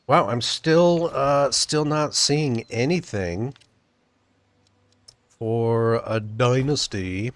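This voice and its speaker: A game streamer chews food while casually commenting on his own gameplay, relaxed and thinking aloud as he plays. His medium-pitched voice draws out words, and there's no echo.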